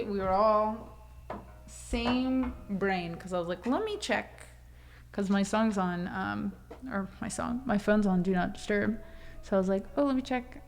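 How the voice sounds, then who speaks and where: A woman's voice: medium pitch, vocal fry, a little mellow, slight background noise. A young woman hosting a casual livestream, chatting with viewers in a chatty, emotional way and thanking them often. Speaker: livestream host.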